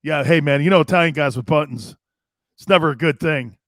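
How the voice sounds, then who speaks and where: A man hosting a live sports talk show and reading viewer chat, loud, jokey and profane, laughing often. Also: a little high, no room sound, clean studio sound. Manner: rapid, excitable banter.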